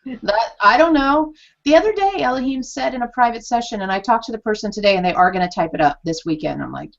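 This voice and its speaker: This woman's voice sits on the high side and moves briskly as she hosts a casual live chat. A channeler and host, she's animated, acting out quoted reactions with plenty of laughter, all captured in dull lo-fi sound.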